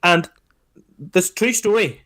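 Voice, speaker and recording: A man's voice: high-pitched, takes it slowly. A young man, telling a long story on a casual podcast, swearing and acting out the people in it. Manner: animated, swearing, mimics people in his story. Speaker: podcast co-host.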